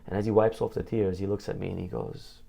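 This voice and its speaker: A man's voice: low-pitched, level tone, fast, creaky, warm tone. A man speaking as a rabbi, telling a heartfelt story in a conversational sermon, with many "you know" fillers.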